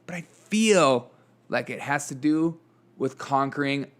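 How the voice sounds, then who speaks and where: A man hosts a casual political commentary show, reading headlines, adding sarcastic asides, and often laughing between stories. His mid-range voice is animated and a bit bright, at a measured pace.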